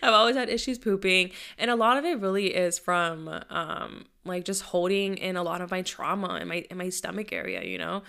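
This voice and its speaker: A woman's voice: on the low side, animated, fairly quick, vocal fry, few pauses, bright, forceful tone, clean tone. A young woman hosting a podcast, talking casually and rambling with lots of fillers and swearing. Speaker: podcast host. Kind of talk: casual chat.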